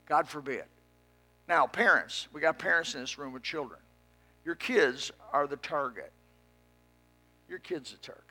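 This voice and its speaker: Brief: male pastor, fiery sermon, hushed-to-shouting swings, a bit high, very bright and forceful. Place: church sanctuary with a congregation.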